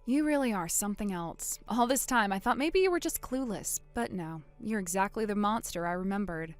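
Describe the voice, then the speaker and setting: A woman voicing a calm, vengeful young woman who coldly springs a trap on her sister in a text-story drama. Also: medium pitch, normal speed, faint music behind, natural voice. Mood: hurt. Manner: cool, quiet, coldly sarcastic.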